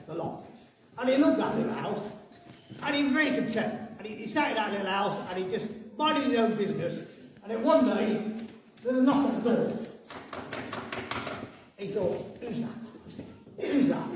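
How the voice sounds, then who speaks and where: A male priest telling a story in a playful, jokey, stop-start way during a church service. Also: sits high. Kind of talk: comic storytelling sermon. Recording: echoey church from far off, noisy.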